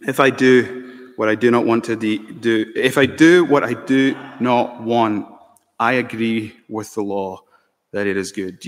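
Speaking in an unhurried, steady, medium-pitched voice, a pastor delivers an earnest sermon full of pointed rhetorical questions for the congregation. The church gives the recording a long reverb.

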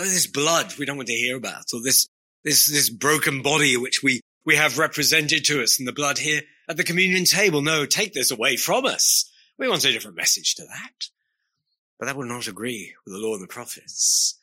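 Earnest bright-voiced male preacher. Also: medium pitch. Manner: earnest, emphatic, with slow stressed phrases. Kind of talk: sermon.

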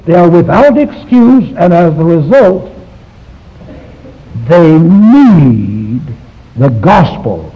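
A man's voice: fairly high pitch, very animated, takes it slowly, pauses often. A man teaching a Bible study to a live class, emphatic and full of rhetorical questions. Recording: dull lo-fi recording.

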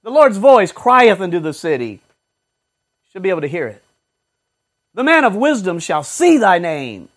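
Man, preacher, high voice, fervent sermon, loud then hushed. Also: sing-song, normal speed, long pauses. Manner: fervent, swings from loud exhortation to low murmurs; acts out short quoted voices of others.

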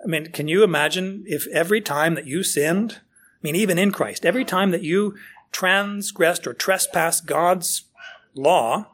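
A man's voice: high-pitched, unhurried, fairly bright tone. A man preaching a conversational verse-by-verse sermon, full of rhetorical questions and acted-out asides. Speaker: pastor. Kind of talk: expository sermon.

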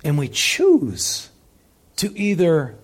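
Male preacher, slow and husky, gets loud then drops real quiet. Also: fairly high pitch, huge pitch swings. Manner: impassioned, rising loud then dropping soft. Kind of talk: sermon teaching.

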